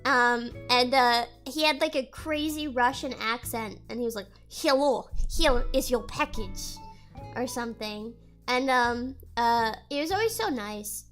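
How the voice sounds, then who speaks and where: A woman's voice: fairly high pitch, normal speed, fairly bright tone, soft background music. A young woman streamer chatting casually with her viewers, rambling and giggling, with a stuffy nose. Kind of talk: casual chat reading chat aloud.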